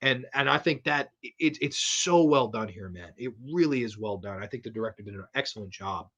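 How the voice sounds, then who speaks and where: A man hosting a podcast, giving a casual horror film review in an animated, rambling, profane way. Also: lowish voice, fairly quick, breathy edge, muffled recording. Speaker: horror movie podcast host.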